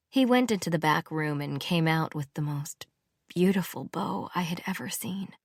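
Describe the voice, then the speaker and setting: A woman narrating a first-person romance audiobook in a measured, intimate way, close to the mic. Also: low voice, gravelly, dry recording.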